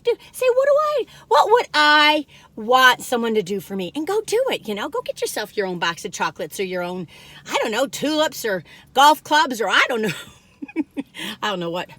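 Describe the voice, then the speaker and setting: A woman's voice: high-pitched, pushed and bright, no echo. A middle-aged woman, chatting in a bubbly, rambling way as she taste-tests cookies in her parked car and sometimes breaks into song. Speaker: food review vlogger.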